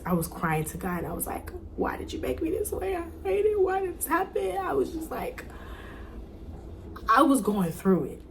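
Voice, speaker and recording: A young woman with a slightly low voice shares a personal faith testimony straight to camera. She talks earnestly, leaning on repetition and emphasis, and at times sinks into soft, breathy near-whispers. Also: a little hiss or hum. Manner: drops to soft near-whispers when reliving prayers. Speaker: vlogger.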